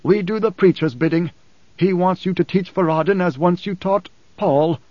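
A man voicing a tense male pilot and swordsman who talks in a curt, gruff, grating way. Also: high voice, normal speed, no room sound, voice pushed up, lightly acted. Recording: slightly dull dry recording.

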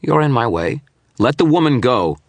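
A man's voice: medium pitch, sing-song, moderate pace, no echo, voice pushed up. A man doing a defiant, urgent wizard hero. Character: hard-pressed, defiant wizard hero, male. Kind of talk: audiobook character voice.

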